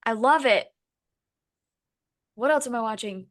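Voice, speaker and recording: Animated young woman podcaster, quick-swearing. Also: on the high side. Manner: animated, swearing, dramatic quoting. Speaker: podcast co-host. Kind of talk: casual chat.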